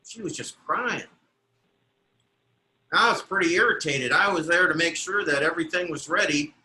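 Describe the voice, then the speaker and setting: A man's voice: a little high, moderate pace, pushed and bright, low-quality recording. A man voicing a proud, meticulous young train conductor in a live told story, in an earnest first-person telling. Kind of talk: storytelling performance.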